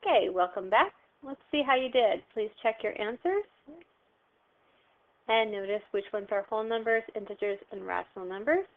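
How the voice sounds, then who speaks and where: Lady teacher doing a video math lesson, patient, quizzes herself out loud, sounds like over a phone. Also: medium pitch, normal speed, narrow, tinny audio. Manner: patient, step-by-step, asks and answers own questions. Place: home, phone heard behind.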